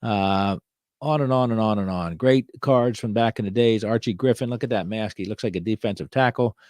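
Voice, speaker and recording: Middle-aged guy doing a card show, dry jokey asides, lowish voice, dead dry sound. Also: fairly quick, a little mellow, no echo. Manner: wry, joking asides with many fillers. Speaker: sports card show host. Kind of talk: casual card review narration.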